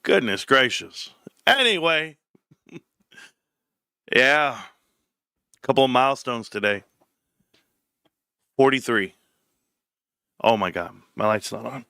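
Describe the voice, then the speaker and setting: A man's voice: mid-range voice, expressive, takes it slowly, gravelly, long pauses, pushed and bright, clear, resonant tone, no room sound, clean studio sound. A man in his forties hosting a casual livestream rant, joking and mocking with frequent laughs. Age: 40s. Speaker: livestream host.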